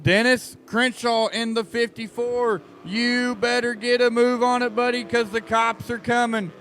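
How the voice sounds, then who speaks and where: Man, race announcer, high voice, folksy, excitable, engines roaring behind. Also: a little slow, slight background noise. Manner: excitable, joking with the crowd, folksy. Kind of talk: live race commentary over a PA.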